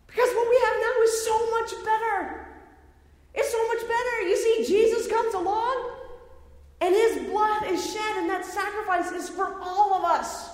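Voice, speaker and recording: A woman preaching a sermon, emphatic and repeating phrases for effect. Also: very high voice. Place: large worship hall. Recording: echoey hall with long reverb.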